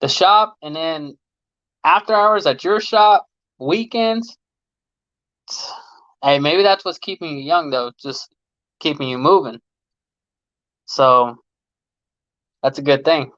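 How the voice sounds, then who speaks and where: A man's voice: a little high, takes it slowly, long pauses, a bit bright, dry recording, muffled recording. A man in his late thirties, a mechanic hosting a casual livestream, chatting loosely with viewers in slang and laughing often. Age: late 30s. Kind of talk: casual livestream chat reading viewer comments. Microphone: phone.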